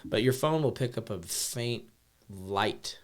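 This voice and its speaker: Low-voiced man explaining casually. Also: lively intonation, slow. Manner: loose, explaining, swears casually, lots of fillers. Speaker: podcast co-host. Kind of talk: casual podcast chat.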